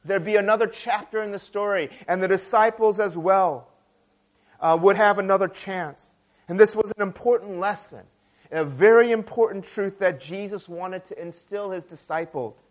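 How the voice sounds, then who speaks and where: A man's voice: high voice, normal speed. A man preaching a sermon in a conversational way, often adding tag questions and repeating words as he restarts. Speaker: pastor.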